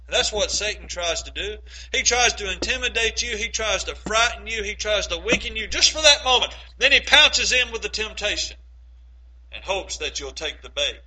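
A man preaching a sermon and reading scripture aloud, emphatic, stretching key phrases slowly and putting rhetorical questions to his listeners. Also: high-pitched, expressive, bright, forceful tone, rough recording. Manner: asks the congregation rhetorical questions.

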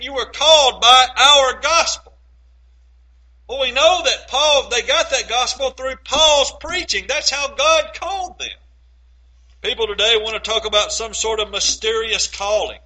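Quoting scripture at normal speed, a man preaches a sermon that swings between loud, emphatic phrases and low, quiet asides. The recording is rough.

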